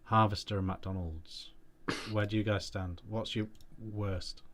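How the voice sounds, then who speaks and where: A man's voice: on the low side, steady tone, measured pace, fairly bright tone, a little hiss or hum. A British man co-hosting a casual chat, telling anecdotes in a dry, matter-of-fact way. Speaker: co-host.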